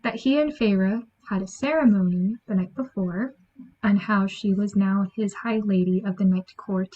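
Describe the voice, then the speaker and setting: A woman giving a chatty, animated book review, acting out lines from the story. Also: mid-range voice, moderate pace. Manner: chatty, animated, acts out quotes. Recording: dull lo-fi sound.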